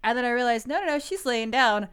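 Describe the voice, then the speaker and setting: Casual podcast co-host, woman, thirties, fairly high and smooth, giggly rambling storyteller. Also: expressive, fast talker, fairly bright tone. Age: 30s. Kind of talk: casual chat.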